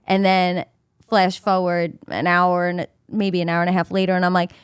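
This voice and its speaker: A woman's voice: on the low side, flat delivery, normal speed, clear, resonant tone, dry recording. New York woman, dry close voice. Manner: chatty, emphatic storyteller. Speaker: podcast co-host. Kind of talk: casual comedic chat.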